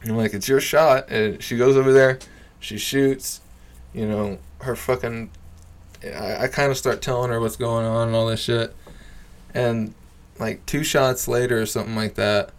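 A young man casually telling a story, swearing freely, laughing often and dropping into low mutters.

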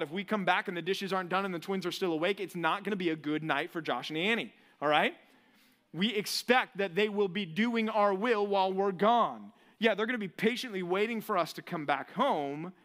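A male pastor giving a sermon in a lively, conversational way, often asking the congregation rhetorical questions. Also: high-pitched, fairly quick.

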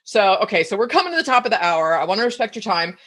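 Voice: mid-range voice, very animated, very fast, fairly bright tone. A podcast host asking rambling, chatty questions and wrapping up an interview. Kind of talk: casual interview chat.

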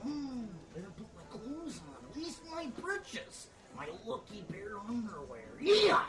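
A man's voice: very high-pitched, wildly swooping pitch, a little slow, fairly bright tone, soft background music, exaggerated voice, rough recording. A man voicing a dazed, goofy fighter who groans and exclaims hammily. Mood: groggy.

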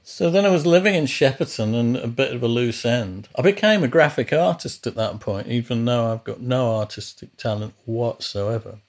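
A man hosting a podcast speaks with medium pitch, animated delivery, a moderate pace and few pauses. He tells rambling, casual stories about being a young musician, restarting his thoughts frequently.

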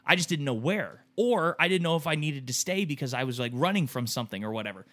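Co-host, man in his 30s, bright voice pitched a touch high, candid rambling storyteller. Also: expressive, quick pace. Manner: rambling, emotional storytelling with restarts and swearing. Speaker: podcast co-host. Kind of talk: candid casual chat.

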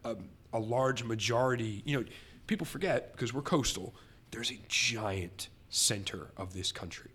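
A man hosting a podcast in casual chat, talking in animated, rambling, emphatic runs. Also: mid-range voice, moderate pace, slightly rough. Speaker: podcast host.

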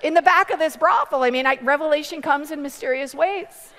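A woman preaching a sermon, telling a story with animated quoted voices and laughter between lines. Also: high-pitched, big-room sound.

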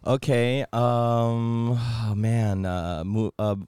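A man's voice: medium pitch, little pitch movement, very slow, dark tone, clean tone, no echo, studio quality. A man in casual podcast chat, joking and hesitating with fillers.

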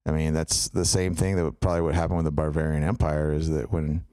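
Deep, smooth-voiced rambling man. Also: level tone, quick pace, warm tone, no room sound, clean studio sound. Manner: rambling, filler-heavy, loose tangents. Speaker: podcast co-host. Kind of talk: casual chat.

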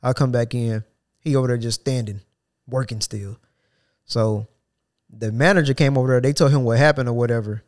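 A man's voice: medium pitch, normal speed, long pauses. A man co-hosting a podcast, telling a work story in casual chat and acting out the quotes. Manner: animated storytelling with voiced quotes. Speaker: podcast co-host.

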